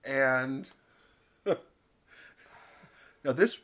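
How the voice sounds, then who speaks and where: A podcast co-host goes through a TV episode very slowly in a mid-range, slightly bright voice. The chat is casual, with frequent laughs and acted-out character lines.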